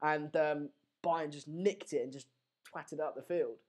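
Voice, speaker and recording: A man's voice: on the high side, steady tone, measured pace. A young man hosting a live football watchalong stream, calling the play and chatting through viewer comments in a casual, joking way.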